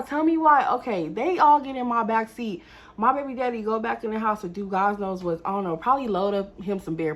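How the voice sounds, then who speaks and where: A woman's voice: fairly low pitch, a bit bright. Young woman telling a storytime vlog. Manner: exasperated, talks straight to viewers. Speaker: vlogger. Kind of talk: casual storytime.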